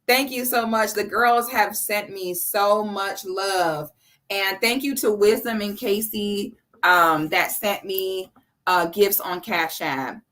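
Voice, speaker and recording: A woman's voice: medium pitch, slow pace, a bit bright. A woman in her thirties hosting a casual live stream, effusive and chatty, reading out viewers' messages and thanking them by name. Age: 30s.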